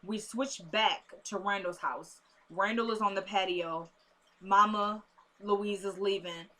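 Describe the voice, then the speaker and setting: A woman's voice: mid-range voice, steady tone, a little slow, fairly bright tone. A woman casually recapping a TV episode for her viewers, chatty and drifting into asides, calling them "y'all".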